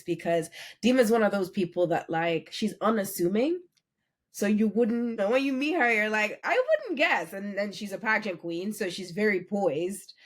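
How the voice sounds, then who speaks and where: An effusive woman hosting a podcast, with a slightly low voice. Her praise comes out fast and warm-hearted, with sudden jumps in pitch when she acts out a reaction. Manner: effusive, affectionate, animated. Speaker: podcast co-host. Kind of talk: casual podcast conversation.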